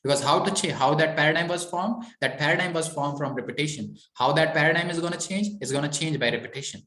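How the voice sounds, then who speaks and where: A man's voice: a little high, fast talker, fairly bright tone, roomy sound. A man coaching a client on mindset, talking in a repetitive, encouraging way with many "okay"s. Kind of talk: coaching session.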